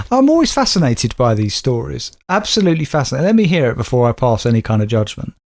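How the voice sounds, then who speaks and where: A man's voice: medium pitch, sing-song, a little fast, gravelly, a little mellow. A man co-hosting a podcast, joking and interjecting with quips in casual chat. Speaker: podcast co-host.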